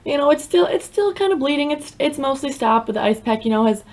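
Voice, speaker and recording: A woman's voice: sits high, lively intonation, brisk, a little mellow. A young woman vlogger telling a dramatic personal story in a chatty way, full of fillers. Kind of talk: storytime vlog.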